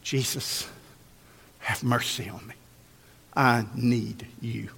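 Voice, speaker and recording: A man's voice: medium pitch, steady tone, takes it slowly, creaky, breathy edge, voice pushed down, full character voice. A man voicing a desperate blind male beggar who cries out and pleads for mercy. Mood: hushed pleading. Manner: shouting, pleading. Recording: long echo of a large hall.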